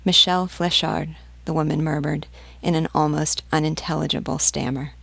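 A woman teacher reading a novel aloud with measured, expressive narration. Her voice is low and has a gravelly edge. The recording is dry and close, with no room sound. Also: no echo.

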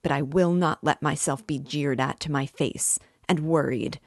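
A defiant, overwrought young student, as a woman reading an audiobook puts him on, loud and insistent. Her voice is low and the recording is dry and close. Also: normal speed, no echo. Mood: furious. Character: overwrought young male student at breaking point.

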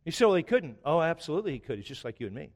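Joking preacher in a reverberant hall. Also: male voice, a little high, very animated, rapid-fire. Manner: conversational storytelling with joking asides. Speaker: pastor. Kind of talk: sermon. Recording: long reverb of a large hall.

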